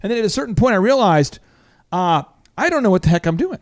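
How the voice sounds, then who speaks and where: A man hosting a business talk show, telling a story in an excitable, jokey way. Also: high voice, quick pace. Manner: excitable, jokey, breaks into imitations of friends. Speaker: host. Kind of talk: animated storytelling chat.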